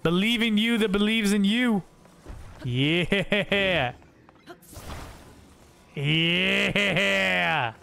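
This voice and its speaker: A man's voice: high voice, extremely slow, vocal fry, long pauses, bright, forceful tone, a little hiss or hum. A man streaming a video game live, goofing around and talking to himself and his chat. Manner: goofy, talks to himself and chat. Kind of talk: live gameplay commentary.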